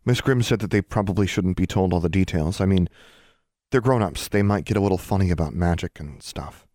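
A man voicing an earnest, flustered eleven-year-old girl in an audiobook, pitching his voice up and pleading. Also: fairly quick, mellow, dry recording, clean studio sound, natural voice. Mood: hesitant.

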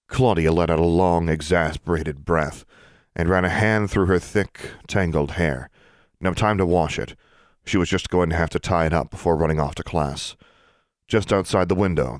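A man reading a story aloud as a narrator, in even, measured storytelling. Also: deep voice, dry recording, studio quality. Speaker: audiobook narrator. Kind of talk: scripted narration.

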